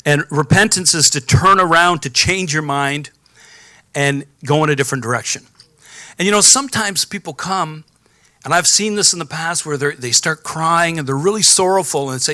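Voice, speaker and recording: Bright-voiced man preaching a sermon. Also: on the high side, moderate pace, dry recording. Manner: calls out to the congregation for responses. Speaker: pastor. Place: church sanctuary.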